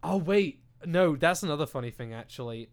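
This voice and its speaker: A man's voice: fairly high pitch, lively intonation, a little fast. A young British man chatting casually into a desk mic on a podcast, ranting animatedly with lots of swearing and filler words. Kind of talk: casual chat. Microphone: desk microphone.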